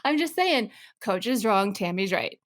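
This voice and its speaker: A woman's voice: medium pitch, a little slow. A woman from Texas in her thirties, co-hosting a podcast in casual, emphatic chat. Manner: animated, emphatic, jumps between points. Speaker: podcast co-host.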